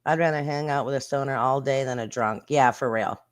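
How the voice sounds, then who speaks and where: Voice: medium pitch, a little fast. A livestream host giving casual commentary on viral videos in a blunt, indignant way, with mild swearing, and talking straight to the viewers. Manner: chatty, talks straight to the viewers.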